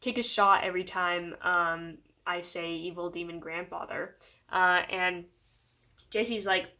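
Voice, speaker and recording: A woman's voice: lowish voice, fairly even intonation, a little slow, sharp tone. A woman recapping a book in a casual vlog, chatty and rambling, with lots of fillers. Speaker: book reviewer.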